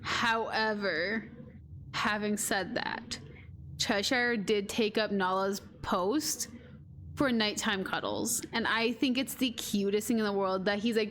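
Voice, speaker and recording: A woman's voice: medium pitch, a little slow, a little hiss or hum. A woman streamer casually telling a rambling story, chatty and quoting others as she goes. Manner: rambling, chatty, quotes her sister. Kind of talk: casual storytelling while gaming.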